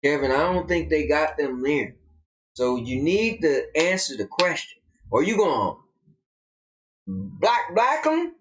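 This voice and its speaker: A man with a Southern US accent chats on a casual live stream. His voice sits high and swings widely in pitch. He drawls and leans hard on his words as he tells a story. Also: sing-song, measured pace. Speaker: co-host.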